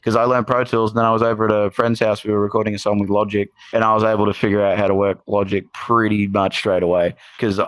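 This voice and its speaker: A man's voice: on the low side, flat delivery, fast talker, few pauses, dry recording. An Australian man telling stories as a podcast guest in a casual, rambling way, full of fillers and restarts. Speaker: guest musician. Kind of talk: casual podcast interview storytelling.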